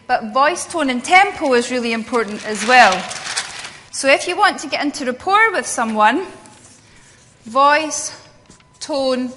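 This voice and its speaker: Bright Scottish woman lecturing in a hall. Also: on the high side. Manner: earnest, repeats key points. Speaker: NLP trainer. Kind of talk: workshop lecture.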